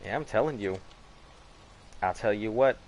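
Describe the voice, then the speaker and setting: A man's voice: fairly low pitch, normal speed, darkish tone, a little hiss or hum. A man in his thirties chatting casually while he plays a game, telling stories full of swearing and laughter. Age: 30s. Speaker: gaming streamer. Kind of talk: casual chat while gaming.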